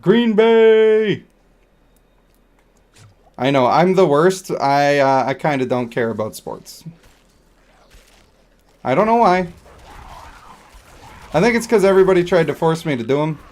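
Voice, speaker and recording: A man's voice: a little high, expressive, normal speed, long pauses. Rambling, jokey male game streamer. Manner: rambling, joking, self-deprecating. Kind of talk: casual live-stream chat over gameplay.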